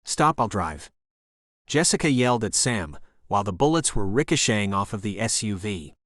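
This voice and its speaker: A man narrating a thriller audiobook in a steady, even scripted delivery. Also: fairly low pitch, brisk, no echo, clean studio sound.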